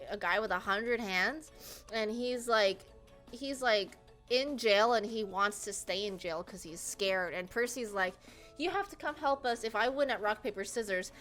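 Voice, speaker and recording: A young woman with a medium-pitched, fairly bright voice casually retells a book's plot to friends as a comedic summary. She rambles and swears, says "um" and "like" a lot, and laughs often. She is presenting the summary.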